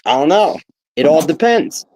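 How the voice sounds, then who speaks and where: A man who is a guest on the stream, making teasing, deadpan jabs at the host. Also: a little high, moderate pace, dry recording.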